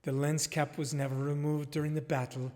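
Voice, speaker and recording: An actor playing a solemn, formal male documentary filmmaker questioning a guest in a deliberate manner, recorded with long reverb. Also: on the high side, level tone, darkish tone, lightly acted. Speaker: interviewer.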